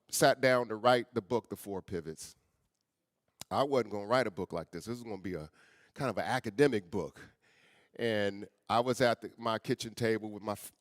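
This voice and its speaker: A middle-aged man, a guest speaker and author, telling a personal story in an earnest, conversational way and often dropping to a soft, quiet voice. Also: medium pitch, dry recording, studio quality. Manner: earnest, conversational, addresses audience as y'all; often drops soft and quiet for emotional moments.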